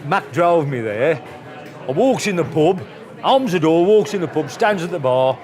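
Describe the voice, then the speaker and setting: A man's voice: on the high side, lively intonation, normal speed, music in the background. A retired man, telling chatty anecdotes full of local slang with little chuckles. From Black Country, England. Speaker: retired pub enthusiast. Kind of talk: casual storytelling interview.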